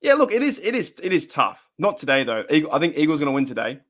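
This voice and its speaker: Very animated and fast-talking, this Australian man has a slightly high voice with a fairly bright tone. He hosts a casual fan livestream, rambling chattily and reading viewer comments aloud as he goes.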